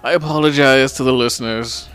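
A man's voice: mid-range voice, steady tone, brisk, fairly bright tone, faint music behind. Podcast cohost guy, laid back, laughs a lot, swears. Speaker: podcast co-host. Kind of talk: casual chat.

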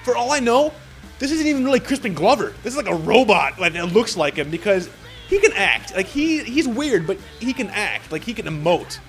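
A man with a notably high voice tumbles through an excitable, profanity-laced movie rant in loose conversation. Faint music plays underneath. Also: brisk. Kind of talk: casual chat.

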